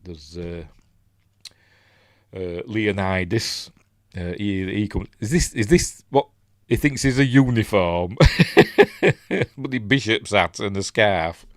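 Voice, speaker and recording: Low-voiced Yorkshire man rambling through a film. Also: measured pace, no room sound, studio quality. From Yorkshire, England. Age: middle-aged. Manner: rambling, chatty, many fillers and restarts. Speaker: film review host. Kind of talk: casual live commentary on a film.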